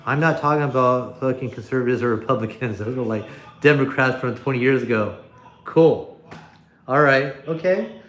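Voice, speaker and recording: A man's voice: medium pitch, normal speed, fairly bright tone, reverberant. A man hosting a casual livestream from his phone, talking bluntly and rambling, with profanity and frequent restarts. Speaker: livestream host.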